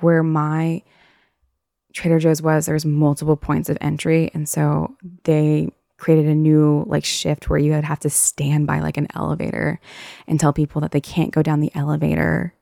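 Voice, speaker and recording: Low gravelly-voiced young woman venting. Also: level tone, moderate pace, mellow, no echo, clean studio sound. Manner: frank and exasperated, swears often, trails off with "like". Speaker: former grocery store worker. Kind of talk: casual chat.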